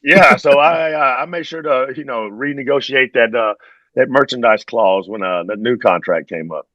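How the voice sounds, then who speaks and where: A middle-aged man, a podcast guest telling stories in a relaxed, drawling way and laughing along as he goes. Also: mid-range voice, moderate pace, dry recording, muffled recording. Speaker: podcast guest, former pro wrestler. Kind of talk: casual interview storytelling.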